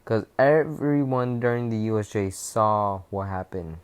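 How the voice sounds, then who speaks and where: A young man casually retelling a fan-fiction story, rambling and rushed, with restarts and swearing. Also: fairly low pitch, smooth.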